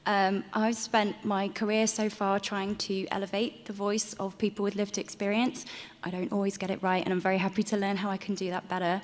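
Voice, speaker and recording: A woman's voice: medium pitch, flat delivery, a little fast, long reverb tail. A woman from the United Kingdom, a research psychologist, politely asking the panel a question from the floor. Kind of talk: audience question. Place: large conference hall.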